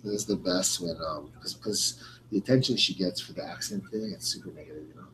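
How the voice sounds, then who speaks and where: A man's voice: low-pitched, brisk, background noise. A man co-hosting a live fight-night radio show, chatting casually in a rambling way with many fillers. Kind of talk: casual play-by-play chat.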